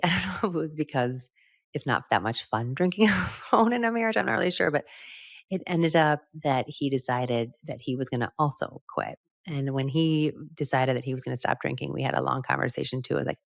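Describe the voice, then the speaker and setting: A middle-aged American woman with a low, deep voice tells her own story candidly, pausing to reflect. She is recorded close and dry, with no room sound. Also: animated, creaky, no room sound. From United States. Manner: candid, reflective, laughs often. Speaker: podcast host. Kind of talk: personal storytelling.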